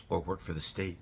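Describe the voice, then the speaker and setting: Brief: man with a lowish voice, host ranting solo, blunt and crude, voice jumps up when riled. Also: vocal fry, a little hiss or hum. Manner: blunt, profane, swings to loud outbursts. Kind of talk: ranting monologue.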